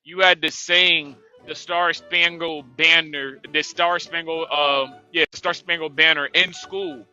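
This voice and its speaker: A man's voice: fairly high pitch, fairly even intonation, takes it slowly, hardly any pauses, pushed and bright, clear, resonant tone, lo-fi sound, faint music behind. A man speaking on an online panel, stumbling at the start of thoughts and then explaining at length.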